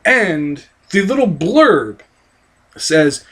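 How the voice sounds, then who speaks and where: A vlogger in an angry political rant to camera, cursing constantly and swinging from low mutters to high outbursts. The voice is strained, close to giving out. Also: sing-song, extremely slow, fairly bright tone.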